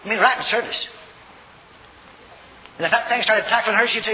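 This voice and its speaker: An older man preaching a sermon, telling a story in a folksy, animated way and acting out the voices. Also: high voice, a little fast, pauses often. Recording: reverberant hall, faint noise.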